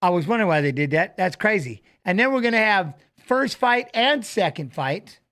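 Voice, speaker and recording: A man's voice: high voice, animated, moderate pace, a bit bright. A middle-aged man hosting a casual livestream, rambling and joking, with plenty of profanity. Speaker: show host.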